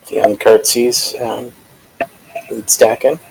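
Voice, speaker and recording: A man playing a character in a tabletop game, with measured, slightly formal phrasing. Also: mid-range voice, flat delivery, gravelly, background noise. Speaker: player.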